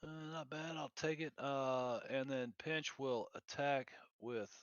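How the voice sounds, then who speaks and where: A man plays a tabletop game, calling his moves in a deadpan, unhurried way. The sound is dry and close. The mic sounds dull and lo-fi. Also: medium pitch, dry recording. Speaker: player. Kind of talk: casual tabletop game play.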